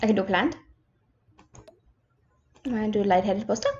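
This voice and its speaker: A young woman gaming streamer with a mid-range, slightly mellow voice speaks at normal speed, casually commentating as she plays a management game in a let's-play. She's chatty and self-mocking, talking to herself as she builds. It's a slightly dull lo-fi home recording.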